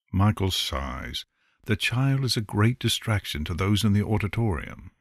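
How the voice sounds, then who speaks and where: A man narrating a fantasy novel in an unhurried, expressive storytelling manner. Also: on the low side, husky, no echo, clean studio sound. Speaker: audiobook narrator. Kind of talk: scripted narration.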